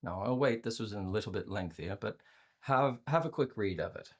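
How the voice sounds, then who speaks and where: A man presenting a workshop on communication to a virtual audience, conversational and animated, often repeating words as he restarts his sentences. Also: normal speed. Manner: acts out inner voices with playful pitch jumps. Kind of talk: live talk to a virtual audience.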